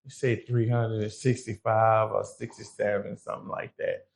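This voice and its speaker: A man's voice: lowish voice, normal speed, gravelly. A man telling a prison story in a casual, profane way, acting out the other people's voices. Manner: profane, animated, acts out quoted voices.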